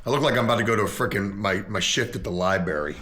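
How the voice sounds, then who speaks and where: A man's voice: on the low side, lively intonation, quick pace, bright, forceful tone. A man in his forties vlogging from his car, talking earnestly and rambling with a self-deprecating tone. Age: 40s. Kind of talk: casual vlog talk to camera.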